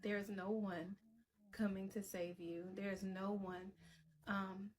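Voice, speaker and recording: A woman hosting a reaction commentary, talking earnestly and with measured pauses and hesitations. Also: medium pitch, little pitch movement, a little mellow. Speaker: commentary host.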